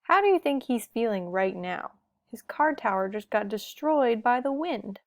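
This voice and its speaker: A woman reading a picture book aloud to children, gentle and asking the listener questions. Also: fairly high pitch, lively intonation, normal speed, no room sound, studio quality. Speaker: storybook reader.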